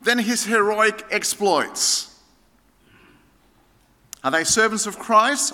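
Greek-born pastor man preaching, high bright voice, jokey storytelling, big hall echo. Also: slow pace. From Greece. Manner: storytelling with playful banter, then earnest. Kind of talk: sermon. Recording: hall reverb.

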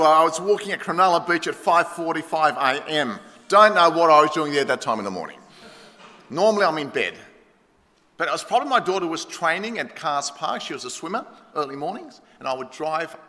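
A middle-aged Australian man preaching a sermon in a church, emphatic, swinging between loud stresses and hushed lines. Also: on the high side. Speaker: pastor. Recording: reverberant church hall.

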